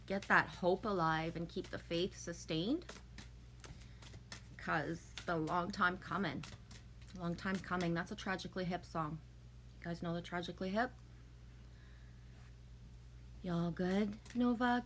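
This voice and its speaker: On her casual livestream, a woman with a lowish voice reads and responds to comments from her viewers, sounding chatty and emotional. There is slight background noise.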